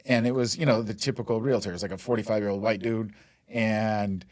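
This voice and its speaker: Man from Denver, forties, rambling storyteller, lower voice, dry close recording. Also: steady tone, brisk, darkish tone, dry recording. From Denver, USA. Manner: rambling, lots of "like" and "you know", laughs easily. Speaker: guest, mortgage lender. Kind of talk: casual storytelling interview.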